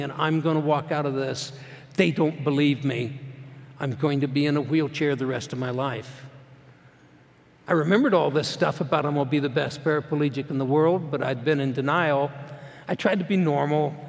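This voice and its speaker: A middle-aged man tells a personal story to a live audience in a plainspoken, folksy way. His voice sits a little high and has a gravelly edge. The sound carries a long reverb from a big hall. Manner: plainspoken folksy storytelling, swinging from hushed to loud. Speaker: motivational speaker.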